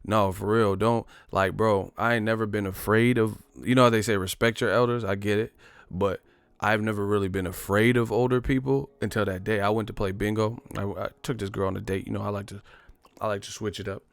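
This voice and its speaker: A man's voice: lowish voice, steady tone, fairly quick, vocal fry, clear, resonant tone, no echo. A man telling a profane, rambling comic story in casual slang. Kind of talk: casual comedic storytelling monologue.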